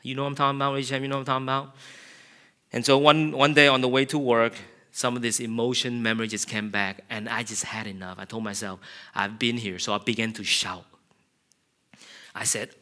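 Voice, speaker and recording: A man's voice: mid-range voice, steady tone, moderate pace, long pauses. A man preaching an earnest, confessional sermon. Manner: earnest, confessional, builds to loud passionate shouting. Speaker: pastor.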